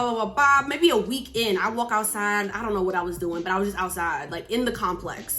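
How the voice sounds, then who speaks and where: Chatty young woman from New Jersey. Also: fairly high pitch. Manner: chatty, animated, acts out quotes. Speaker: vlogger. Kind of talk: casual storytelling to camera.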